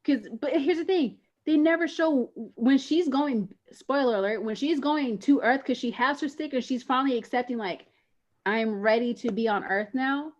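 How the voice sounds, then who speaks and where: A woman's voice: high-pitched, moderate pace, hardly any pauses, a little mellow. Chatty woman on a muffled call. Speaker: podcast co-host. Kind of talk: casual panel chat. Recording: lo-fi online call audio.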